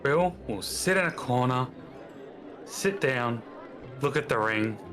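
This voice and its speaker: A man playing a tabletop game, softly describing what his character does. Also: medium pitch, animated, slow, soft background music, a faint crowd. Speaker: player.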